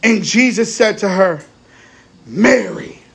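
A man preaching a lively, conversational Easter sermon, often repeating words as he builds his points. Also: very high-pitched, a little slow, a little hiss or hum.

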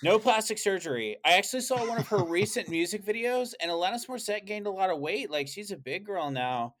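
Male podcast co-host, casual and profane, a rambling storyteller, slightly high voice. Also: animated, a little fast, a bit bright. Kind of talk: casual chat.

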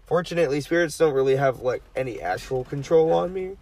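Gravelly young man telling a rambling story. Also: on the high side, a little fast, a little mellow. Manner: swears a lot, rambling storyteller. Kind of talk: casual chat. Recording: distant mic with faint background noise.

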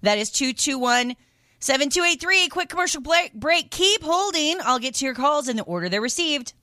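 A woman hosting a radio call-in show, brisk, cheerful and friendly as she takes callers' orders. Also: high voice, expressive, bright, forceful tone, dry recording, clean studio sound. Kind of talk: upbeat on-air call-taking. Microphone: studio microphone.

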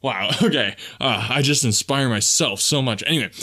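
A man's voice: mid-range voice, normal speed, bright, forceful tone, husky. A young man hosting a comedy podcast, talking in a boastful, self-important way, with a rambling parody self-help monologue. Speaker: podcast host.

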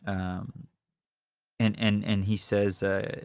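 Earnest low-voiced man teaching scripture. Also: level tone, slow, darkish tone, dry recording, clean studio sound. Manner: rambling, many restarts and "you know"; earnest, personal asides. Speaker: Bible study podcast host. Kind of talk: informal Bible teaching.

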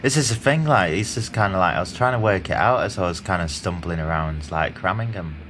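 A man's voice: sits low, lively intonation, fairly quick, fairly bright tone, slight background noise. A man telling a rambling story in casual chat, full of fillers and hesitations.

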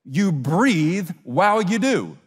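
A man's voice: high voice, big pitch swings, slow pace, breathy edge, big-room sound. A man preaching a sermon as a pastor, acting out imagined listeners and little scenes as he goes.

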